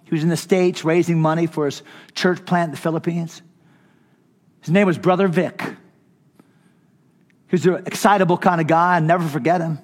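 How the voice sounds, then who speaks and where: A man's voice: a little high, steady tone, moderate pace, long pauses, long reverb tail. A middle-aged man, a pastor, preaching a sermon in an impassioned, conversational storytelling way with touches of humor. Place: conference hall.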